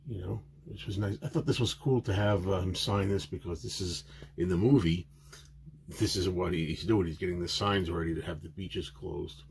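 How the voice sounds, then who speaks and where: Man, very low voice, casual rambling collector vlog, lots of "uh"s, faint hum behind. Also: vocal fry, darkish tone. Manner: rambling, many filler pauses and restarts; chatty and enthusiastic. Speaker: autograph collector vlogger. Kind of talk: casual show-and-tell narration.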